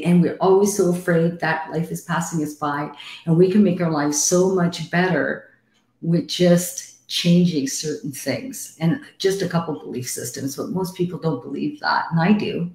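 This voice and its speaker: A woman's voice: low-pitched, normal speed, darkish tone. A middle-aged woman hosting a live call-in psychic reading show, talking bluntly and frankly, swearing freely and calling callers sweetie. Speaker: psychic medium host. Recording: roomy echo.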